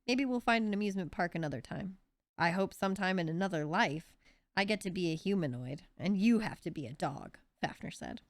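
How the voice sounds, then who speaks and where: A woman reads a children's novel aloud, her voice sitting a little low. She gives the characters quick, light voice shifts. The sound is dry and close to the mic. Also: no room sound. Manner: lively, with small voice shifts for each character. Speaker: reader.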